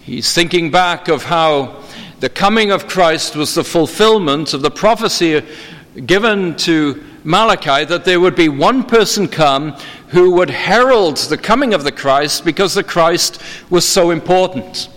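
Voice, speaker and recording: Guy preaching, kinda high voice, slow formal emphasis, big reverby church hall. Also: animated, fairly bright tone. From England. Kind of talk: sermon.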